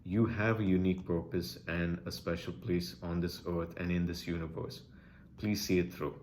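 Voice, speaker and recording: A man's voice: low voice, level tone, moderate pace, darkish tone, a little hiss or hum. A man speaking earnestly and emotionally to his viewers, pleading with them and repeating key phrases for emphasis. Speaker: vlogger sharing personal experience. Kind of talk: earnest personal address to camera.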